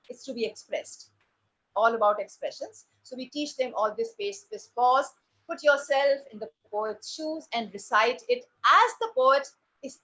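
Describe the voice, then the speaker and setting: A woman, a drama teacher presenting to parents, speaking with deliberate pauses and stressed words. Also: fairly high pitch, fairly bright tone. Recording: dull lo-fi recording.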